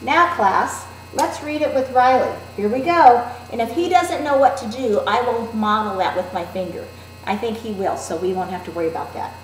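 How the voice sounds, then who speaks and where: A woman teacher demonstrating a classroom activity in a clear, deliberate, instructive way. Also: on the high side, a little hiss or hum. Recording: roomy echo.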